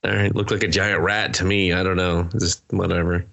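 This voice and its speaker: A man's voice: level tone, fairly quick, gravelly, a bit bright. A man co-hosting a movie review podcast, chatting casually and acting out scenes in exaggerated voices. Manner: acts out characters in exaggerated high voices, swears, laughs. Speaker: podcast co-host.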